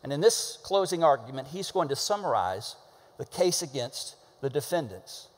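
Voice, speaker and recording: Animated preacher in a reverberant hall. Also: male voice, fairly high pitch, normal speed. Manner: animated, with sudden shouted emphasis and call-and-response. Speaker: pastor. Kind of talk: sermon.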